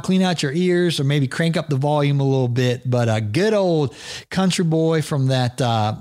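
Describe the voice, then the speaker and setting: A man's voice: medium pitch, a little mellow. A man hosting a podcast, talking in a loose, friendly and teasing way, full of fillers and restarts. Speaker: podcast host. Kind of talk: casual podcast chat. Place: in Georgia.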